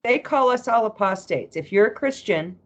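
A woman's voice: mid-range voice, lively intonation, moderate pace. A woman joining a casual podcast chat, helpfully offering the right word. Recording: dull muffled mic.

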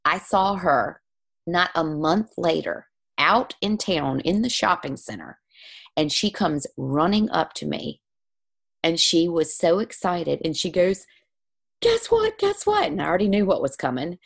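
A woman's voice: lowish voice, unhurried, vocal fry. A woman, a guest on a conversational show, telling stories with animation and acting out the voices of other people. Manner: animated, acts out quoted voices. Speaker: guest, spiritual healer. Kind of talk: storytelling in conversation.

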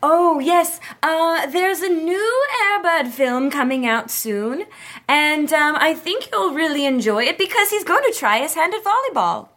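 A woman guest on a comedy podcast, answering in a matter-of-fact, deadpan way. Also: sits high, measured pace.

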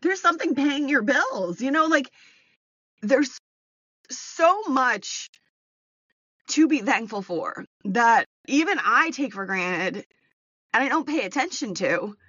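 A woman's voice: high-pitched, expressive, takes it slowly, long pauses, bright, forceful tone, no echo, dull audio. Earnest woman podcasting from her car. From United States. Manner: earnest, reflective, many fillers and restarts. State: emotional, near tears. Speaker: podcast host. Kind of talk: casual solo podcast monologue. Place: car while driving.

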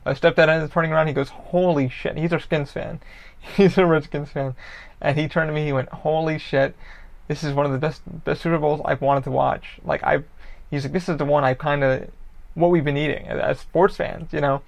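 A man's voice: on the high side, fairly quick, creaky. A young man hosting a solo podcast, rambling casually and profanely about football. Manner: rambling, profane, animated sports talk. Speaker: podcast host.

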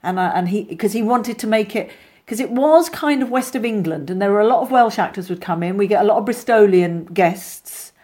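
A middle-aged woman, an actress being interviewed, telling lively anecdotes with many restarts and asides. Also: medium pitch, a little fast. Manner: chatty, animated storyteller with many restarts.

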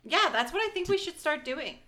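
A woman's voice: sits high, very animated, pushed and bright. A woman co-hosting a podcast in casual chat from a basement, playful and jokey. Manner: playful and chatty, quick to joke. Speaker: podcast co-host.

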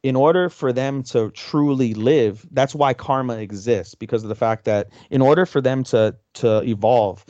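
A man's voice: medium pitch, normal speed, few pauses, a little mellow, no room sound, lo-fi sound. A man co-hosting a podcast, casually retelling an episode and acting out the characters' lines as he goes. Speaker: podcast co-host.

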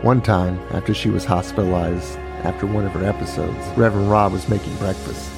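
A man narrating a true crime family story as a podcast host, unhurried and pausing, now and then voicing the people in it. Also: low-pitched, steady tone, gravelly, music in the background.

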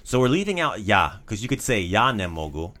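A man casually teaching a friend everyday phrases, playfully repeating each one slowly. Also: fairly low pitch, sing-song, sharp tone. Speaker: language teacher.

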